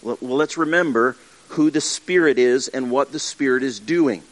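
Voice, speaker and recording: In a church that livestreams its services, a pastor preaches to his congregation with an earnest, conversational style. He often restarts and slips in acted asides, speaking in a mid-range voice at normal speed.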